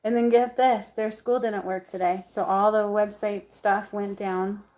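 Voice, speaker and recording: A woman's voice: mid-range voice, little pitch movement, unhurried, darkish tone. A woman chatting casually to her camera as a vlogger, bubbly and full of ums and likes.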